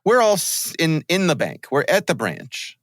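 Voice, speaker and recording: Male co-host, expressive, dry close sound. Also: on the high side, normal speed, dry recording. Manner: animated, exclaiming, laughs often. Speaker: podcast co-host. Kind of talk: casual chat.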